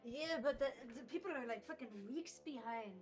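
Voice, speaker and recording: A Scottish woman chatting casually on a game stream, loud and exasperated, swearing freely. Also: sits high, brisk, faint music behind. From Scotland.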